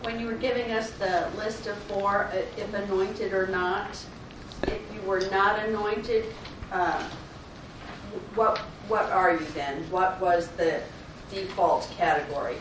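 Frau aus dem Publikum, stellt zögernd eine Frage, weit vom Mikrofon in einem stark hallenden Saal mit leisem Rauschen. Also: female voice, medium pitch, fairly even intonation, a little slow. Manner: hesitant, searching for words with fillers. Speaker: audience member asking a question. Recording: echoey hall, far from the mic, faint noise.

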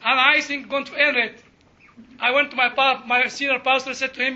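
A man preaching with a very high, piercingly bright voice, telling stories with humor and speaking straight to his congregation. The recording is dull and lo-fi. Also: little pitch movement, brisk. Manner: humorous, chatty, addresses listeners directly. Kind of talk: informal storytelling sermon.

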